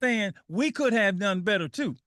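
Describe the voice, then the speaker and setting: A man hosting a call-in radio talk show, animated, reading quotes aloud and laughing often. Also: high-pitched, normal speed, no room sound, studio quality.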